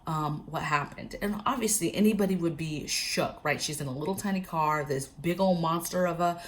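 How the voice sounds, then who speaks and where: A woman with a deep voice speaks at a moderate pace in a casual prepping vlog. Chatty and relaxed, she tells a story and offers advice to camera, often turning to address her viewers directly.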